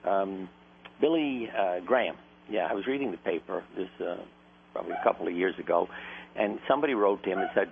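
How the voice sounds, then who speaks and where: Gravelly and low-voiced, this male doctor speaks fairly quickly as an interview guest, relating stories earnestly and conversationally with the odd laugh. It's recorded over a tinny phone line carrying faint noise.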